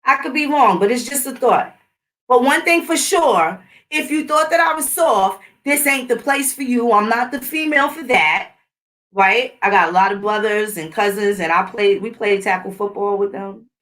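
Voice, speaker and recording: A woman's voice: on the high side, normal speed, a bit bright, distant mic. A middle-aged woman hosting her own channel, talking in a blunt, combative, profane casual rant. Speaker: channel host. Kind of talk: casual ranting monologue.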